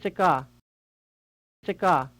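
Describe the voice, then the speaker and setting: Woman speaking short, unhurried phrases. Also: fairly low pitch, fairly bright tone, slight background noise. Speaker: native-speaker example voice.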